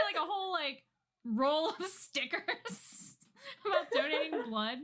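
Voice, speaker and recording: A woman co-hosting a podcast, telling stories in casual chat with an animated manner and frequent laughter. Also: high-pitched, moderate pace. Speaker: podcast co-host.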